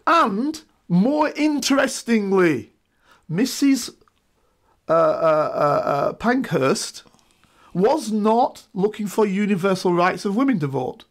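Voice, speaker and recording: A middle-aged guest in a casual discussion speaks at a slow pace, his voice sitting high. He's animated and emphatic, checking in with listeners by asking "right?"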